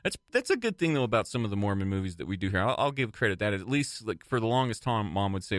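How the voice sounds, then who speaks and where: A male podcast host jokes and cuts in on the others. His voice is low. The recording is dry and close. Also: very animated, quick pace, hardly any pauses, a bit bright, no echo. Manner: joking, chiming in over others. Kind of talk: casual podcast chat.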